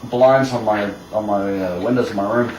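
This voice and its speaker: A man's voice: lowish voice, steady tone, normal speed, a little mellow. A young man casually telling a rambling party story, laughing often as he goes. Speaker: co-host telling stories. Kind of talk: casual chat. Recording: echoey room, mic far off, faint hiss.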